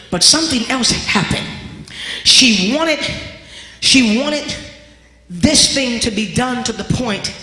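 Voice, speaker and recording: A woman preacher delivering a fervent sermon, shouting with repeated words and stammered restarts. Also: fairly high pitch, measured pace, a little hiss or hum. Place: large church sanctuary. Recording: echoey church hall with organ music and congregation. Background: organ music and responding congregation.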